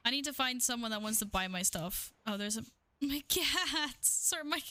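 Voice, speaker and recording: A woman game streamer chats casually with her viewers while playing, giggly and talkative, speaking to both her chat and herself. Her high voice is animated and sharp in tone, at normal speed, in a dry recording.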